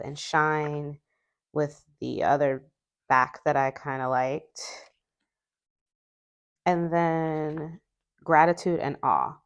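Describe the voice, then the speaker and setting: A woman's voice: sits low, clean tone, highs cut off. A woman chatting casually as she reviews an oracle deck, reading card words aloud and musing about them. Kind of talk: casual unboxing chat.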